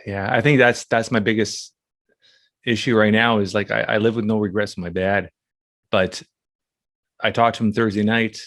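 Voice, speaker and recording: Male host, low voice, halting, emotional, lots of restarts, dry close sound. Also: steady tone, a bit bright, no echo. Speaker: podcast host. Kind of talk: casual conversation.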